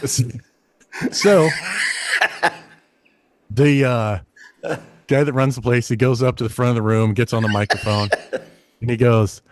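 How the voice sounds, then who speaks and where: A middle-aged man, a stand-up comedian, telling a lively story in a casual interview, acting out the people in it. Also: medium pitch, a little slow, long pauses, dry recording. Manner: animated anecdote-teller, acts out quoted voices.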